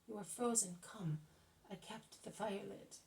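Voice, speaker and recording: A woman voicing a tender mother who speaks softly and low, in a hushed voice, in a spoken book reading. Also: a little slow, creaky, recorded from a distance, rough recording. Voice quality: soft, hushed.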